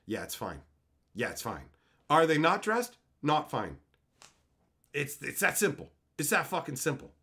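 A man streaming live, reading chat questions and ranting in a loud, profane, laughing way. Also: fairly high pitch. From Canada. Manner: loud, animated, frequent swearing and laughing.

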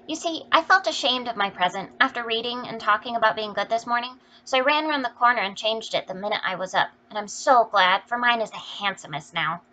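A woman's voice: on the high side, animated, brisk, hardly any pauses, sharp tone. A woman reading the lines of an earnest, humble young girl who speaks in a pleading way. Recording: dull lo-fi recording.

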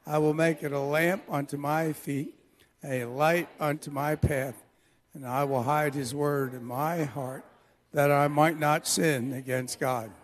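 A man slowly reciting a church pledge in a measured way. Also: on the high side, fairly even intonation. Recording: reverberant church hall.

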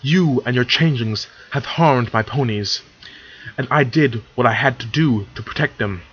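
A man's voice: medium pitch, slight background noise, natural voice. Celestia, a stern, regal pony ruler, as a man puts her on. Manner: measured, formal and stern. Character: elder female pony ruler, calm and stern. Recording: dull lo-fi recording.

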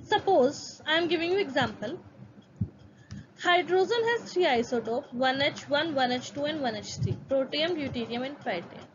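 A woman's voice: sits high, animated, normal speed. A woman with an Indian accent teaching a chemistry class, explaining step by step and switching between English and Hindi. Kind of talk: classroom lecture. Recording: dull lo-fi audio with clear background noise.

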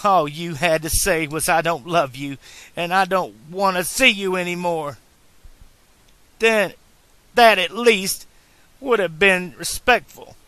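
A man reading an audiobook, voicing a hurt, angry frontier schoolteacher woman in a raised, high voice. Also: slow pace, long pauses, pushed and bright, clear, resonant tone, dry recording, full character voice. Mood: indignant.

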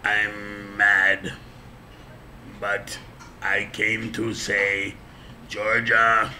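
A man voicing a low, gruff stranger with a mock-serious, slow manner. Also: completely flat delivery, pushed and bright, slight background noise, heavily acted. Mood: grumpy.

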